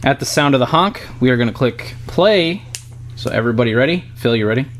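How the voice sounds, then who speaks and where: A man's voice: mid-range voice, animated, fairly quick. A man hosting a casual commentary podcast, talking loosely with fillers and laughing along with his co-hosts. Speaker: podcast host.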